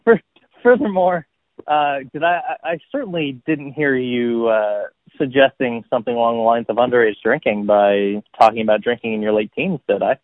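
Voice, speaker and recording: A man's voice: medium pitch, normal speed, no room sound. Wry man on a tinny line. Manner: wry, teasing, laughs easily. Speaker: podcast co-host. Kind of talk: casual gaming podcast chat.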